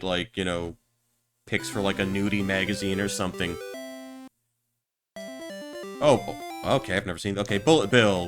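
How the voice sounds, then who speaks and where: A man's voice: fairly low pitch, a bit bright. A man streaming a game, chatting in a rambling, stammering way with crude jokes. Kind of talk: casual gameplay chat.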